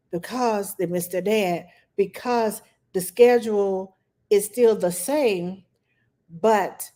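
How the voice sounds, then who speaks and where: A woman hosting a casual livestream as a nanny. She tells stories with animation and acts out what she was thinking back then. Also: medium pitch. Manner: animated storytelling, acts out her own past thoughts.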